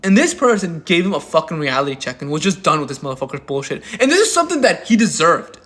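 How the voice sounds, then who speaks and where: A man's voice: on the high side, big pitch swings, fast, fairly bright tone. A man doing drama commentary in a crude, mocking and heavily profane way. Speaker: commentary YouTuber.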